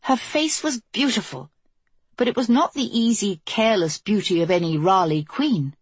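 A woman reading a fantasy novel aloud as the narrator, in a steady, measured way. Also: mid-range voice, slightly rough, no room sound. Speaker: audiobook narrator.

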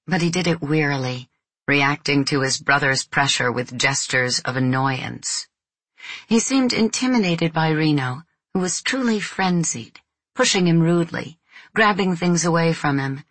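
Reading a novel aloud as an audiobook narrator, a woman keeps her delivery measured and even. She has a low-pitched voice, and the recording is dry.

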